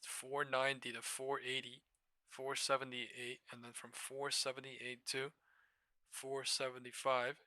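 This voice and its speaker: A man casually commenting on stock charts during a live trading stream, excitable and profane, thinking aloud as he goes. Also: medium pitch, clear, resonant tone, no room sound.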